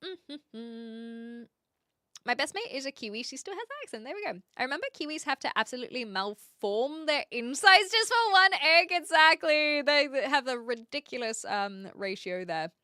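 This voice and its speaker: An Australian woman runs a casual livestream, reading out chat and responding with frequent laughter. Her high, sharp voice makes big pitch swings at a moderate pace, recorded at studio quality with no echo.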